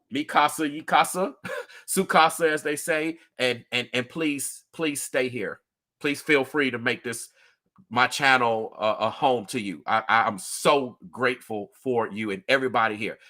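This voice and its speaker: A man hosts a livestream, speaking straight to his viewers with earnest emphasis and plenty of repetition. His mid-range voice is bright and forceful, and his pace is measured.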